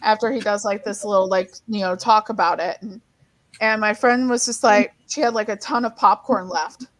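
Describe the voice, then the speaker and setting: A woman's voice: medium pitch, normal speed. Chatty woman telling a story. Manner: animated storyteller, many restarts. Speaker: co-host. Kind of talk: casual chat.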